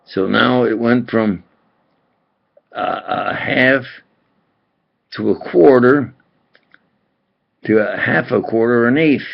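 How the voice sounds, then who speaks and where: Man, slow husky gravelly talker, rambling agitated monologue, dull lo-fi home video sound. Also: medium pitch.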